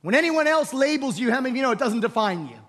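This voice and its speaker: A man preaching a sermon, swinging from hushed storytelling to loud exhortation and leading the congregation in call-and-response. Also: very high-pitched, very animated, racing, in a large hall. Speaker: pastor.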